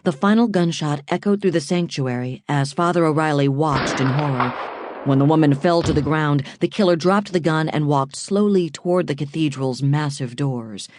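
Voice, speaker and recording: A woman narrating a crime thriller audiobook in a measured, suspenseful reading. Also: deep voice, darkish tone, no echo.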